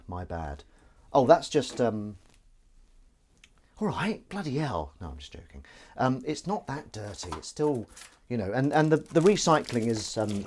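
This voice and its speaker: A British man with a low voice that swings up and down, chatting casually and cracking jokes at his own expense. He answers viewers while dishes clatter faintly in a home kitchen. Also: a little mellow, slight background noise. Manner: chatty, jokey, self-deprecating, answers viewer comments. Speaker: live streamer.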